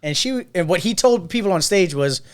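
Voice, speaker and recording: Podcast co-host, male, slightly higher voice, animated storyteller who jumps into character voices. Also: a little fast. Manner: animated, acts out quotes in other voices. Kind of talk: casual storytelling chat.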